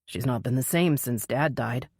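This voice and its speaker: A woman voicing a proud, grieving young man whose voice is deep and solemn. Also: moderate pace, darkish tone, breathy edge, no echo, studio quality. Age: young adult.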